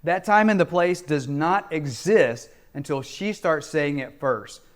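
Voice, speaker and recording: A man's voice: on the high side, expressive, unhurried. A middle-aged man giving relationship coaching straight to camera, in an emphatic, repetitive, preacherly manner. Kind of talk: direct-to-camera advice talk.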